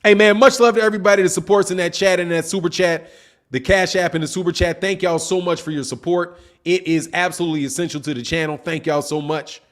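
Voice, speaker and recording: Guy with a slightly high voice running a boxing live stream, laid-back and slangy, keeps saying man and dog. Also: fairly even intonation, fast talker. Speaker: boxing channel host. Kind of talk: casual livestream commentary, reading chat.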